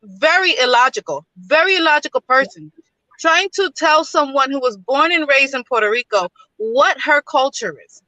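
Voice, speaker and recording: A woman's voice: sits high, animated, moderate pace, sharp tone, dry recording, rough recording. A woman from the Bronx, calling in from her car as a guest in a casual live-stream chat, talking bluntly and often repeating herself. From New York, Bronx. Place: in a car, driving.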